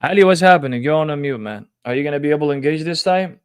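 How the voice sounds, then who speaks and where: A man's voice: on the high side, racing, clear, resonant tone, no echo, clean studio sound. Combative man hosting a live debate. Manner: confrontational, mocking. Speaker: debate livestream host. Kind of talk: live-streamed religious debate.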